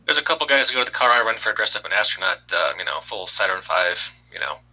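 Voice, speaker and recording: A man playing in a tabletop game, chatting quickly and wandering off on tangents. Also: fairly low pitch, animated, bright, forceful tone, low-quality recording. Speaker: player. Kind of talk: casual tabletop game talk.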